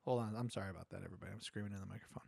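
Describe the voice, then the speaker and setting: A middle-aged man hosting a podcast, telling a story in casual chat, animated, swearing and acting out quotes. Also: low voice, very fast, gravelly, breathy edge, no room sound, studio quality. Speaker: podcast host.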